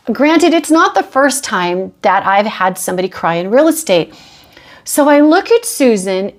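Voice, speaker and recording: A woman with a fairly high voice, a podcast host and real estate agent, delivers a storytelling monologue. She is chatty and anecdotal, acting out the quotes in her stories.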